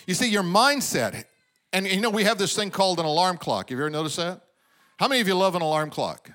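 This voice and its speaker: Preaching man with a lively voice. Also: high voice, fast talker. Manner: preaching with call-and-response asides and acted-out quotes. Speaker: pastor. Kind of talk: sermon.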